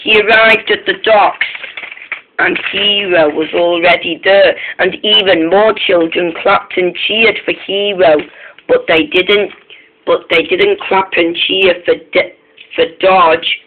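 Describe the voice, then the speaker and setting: A man narrating a storybook tale, speaking haltingly and often restarting his sentences, on a tinny, phone-like recording. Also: high-pitched, steady tone, a little hiss or hum.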